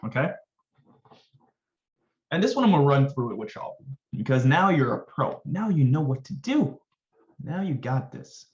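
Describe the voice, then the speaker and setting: A man's voice: medium pitch, echoey room, highs cut off. A man tutoring finance in a casual, upbeat way, chatting to viewers with jokey asides. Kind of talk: casual screen-recorded lesson.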